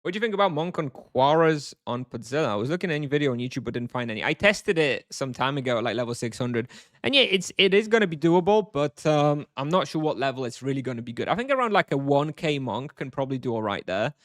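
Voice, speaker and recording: A man's voice: medium pitch, expressive, fast talker, dry recording, studio quality. A man streaming a game live, chatting casually with his chat, thinking aloud with fillers and frequent chuckles.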